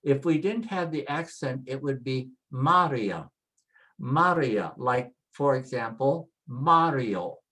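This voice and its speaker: A pronunciation instructor teaching Spanish names, spelling out the vowels and repeating each name slowly and patiently. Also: mid-range voice, a little mellow. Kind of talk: spoken pronunciation lesson.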